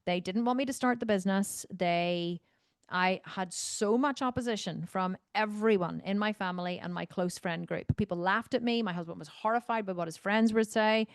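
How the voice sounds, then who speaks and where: A woman's voice: moderate pace, clear, resonant tone, no room sound. Northern irish woman on a video call, swears a lot, blunt coach vibes, dry close sound. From Northern Ireland. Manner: blunt and profane, animated, swinging between low asides and loud outbursts. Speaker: fitness coach answering member questions. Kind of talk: casual Q&A on a group video call. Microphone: video call microphone.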